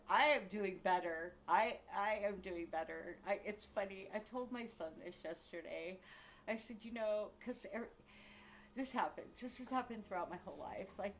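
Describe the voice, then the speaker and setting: A woman's voice: fairly low pitch, slight background noise. A woman of about sixty ranting in casual home-video talk, swearing freely and laughing between angry outbursts. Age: 60s. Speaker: vlogger. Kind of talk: angry casual rant to camera.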